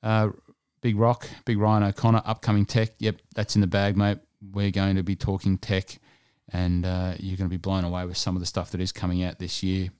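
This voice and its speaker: Low-voiced man hosting a podcast. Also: monotone, a little fast, a little mellow, clean tone, dry recording, studio quality. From Scotland. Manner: rambling, enthusiastic, many fillers. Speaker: podcast host. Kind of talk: casual solo podcast chat.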